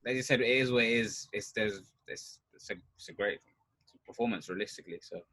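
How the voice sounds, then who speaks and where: A man's voice: lowish voice, brisk, sharp tone, no echo, poor audio. A man co-hosting a podcast, teasing the others in slangy banter. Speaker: podcast co-host. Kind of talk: casual chat.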